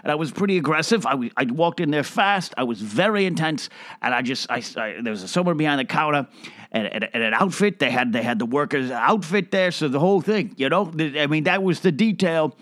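A man performs a comedic monologue as a boastful elderly film producer, rambling, name-dropping, and restarting his lines. His voice sits on the high side and is animated, fairly quick, and a bit bright, captured in a dry, studio-quality recording.

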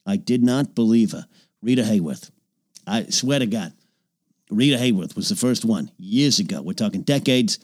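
A man in character as an aging, boastful old-Hollywood film producer who hosts a comedy podcast, rambling and name-dropping, sometimes dropping into low confidential mutters. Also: lively intonation, moderate pace, a little mellow, breathy edge, dry recording, clean studio sound. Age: older. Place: small home recording nook.

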